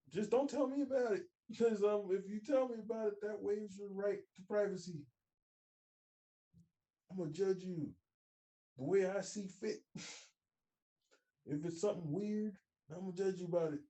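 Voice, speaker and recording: A man's voice: sits high, moderate pace, pauses often, mellow, echoey room, poor audio. A young man hosting a podcast, talking bluntly and profanely in casual banter and laughing as he talks. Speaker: podcast host.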